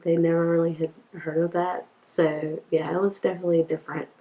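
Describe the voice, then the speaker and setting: A woman's voice: fairly low pitch, level tone, brisk, mellow, low-quality recording. A young woman with a country North Carolina accent talking casually with hesitant fillers.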